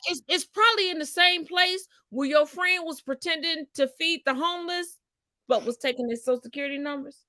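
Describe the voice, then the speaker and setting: A brash woman in her forties with a high, bright voice that leaps all over the place. She teases and curses through loose live-stream banter. The sound is dry and close. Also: a little fast, dry recording. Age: 40s. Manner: brash, profane and teasing, swoops up loud when excited. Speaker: co-host.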